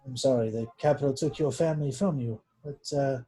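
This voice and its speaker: A man playing his character in a tabletop game, earnest and formal, often halting. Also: mid-range voice, dark tone, soft background music, low-quality recording. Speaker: player. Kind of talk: in-character tabletop role-play.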